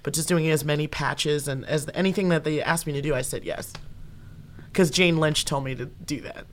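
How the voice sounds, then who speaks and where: A woman's voice: deep voice, normal speed. A young adult woman, an improv comedian and actor, telling stories in a casual interview and acting out what people said. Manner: animated storyteller who acts out quoted dialogue.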